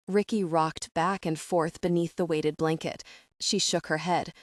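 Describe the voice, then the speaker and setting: A woman narrating a novel in a steady, even reading voice. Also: on the low side, a little slow, no room sound, studio quality. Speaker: audiobook narrator. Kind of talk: scripted audiobook narration.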